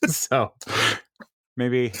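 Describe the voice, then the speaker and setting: A man co-hosting a podcast, recapping a sitcom episode in casual, animated, opinionated chat. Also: medium pitch, no room sound, clean studio sound.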